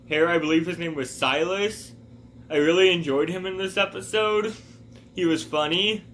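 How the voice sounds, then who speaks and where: Man, casual review chat, rambling, tangents, bright tone, faint background noise. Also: on the high side. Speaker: video reviewer.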